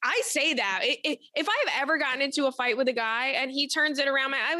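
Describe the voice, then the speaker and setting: Young woman, advice host, blunt and profane, bright voice, dry close sound. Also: sits high, moderate pace, no room sound. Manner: blunt, profane, animated storytelling. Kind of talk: casual advice chat.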